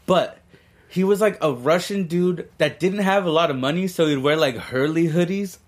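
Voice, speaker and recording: A man's voice: fairly high pitch, moderate pace. A young man co-hosting a podcast, telling a rambling story in casual, profane talk. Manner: profane, rambling, laid-back. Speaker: podcast co-host.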